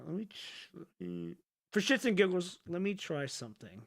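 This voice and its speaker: A man chatting casually to his viewers, rambling and thinking out loud with the odd swear. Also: high voice, sing-song, normal speed, creaky. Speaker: streamer.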